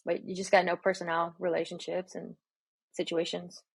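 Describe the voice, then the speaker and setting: Low-voiced woman coach, dry close sound. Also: brisk, gravelly, breathy edge, dry recording. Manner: animated, acts out her own quoted dialogue. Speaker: strength and conditioning coach, guest. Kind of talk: casual podcast storytelling.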